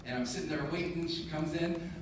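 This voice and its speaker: Man, high-voiced motivational speaker, emphatic and self-mocking, live in a big hall with room noise behind. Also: a little fast. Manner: animated, emphatic storytelling with self-deprecating humor. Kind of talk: live keynote storytelling. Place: large conference hall. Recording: echoey hall, distant mic, audible room ambience.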